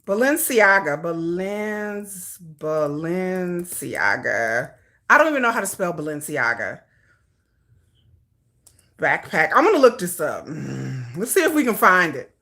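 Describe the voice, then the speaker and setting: A woman's voice: lowish voice, wildly swooping pitch, moderate pace, pauses often, pushed and bright. A woman from Detroit hosting a casual livestream chat, chatty and sassy, laughing often. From Detroit, United States. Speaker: K-pop livestream host. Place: home, at a computer with a ring light.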